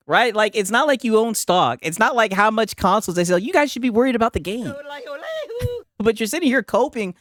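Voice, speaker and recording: A man's voice: sits high, animated, brisk, fairly bright tone, no echo, clean studio sound. A man hosting a live reaction stream, mocking and sarcastic, laughing often and ending lines with "right?".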